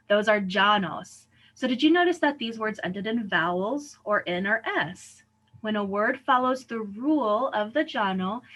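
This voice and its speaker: A woman teacher explaining a lesson in clear steps, often checking in with "right?". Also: medium pitch, fairly bright tone. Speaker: Spanish teacher. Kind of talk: recorded lesson.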